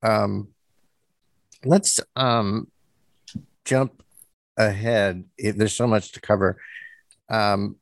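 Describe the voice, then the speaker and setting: A man's voice: on the low side, fairly even intonation, extremely slow, vocal fry, long pauses, dry recording. A man hosting an interview, asking questions with hesitant fillers and restarts. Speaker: interviewer host. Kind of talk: interview conversation.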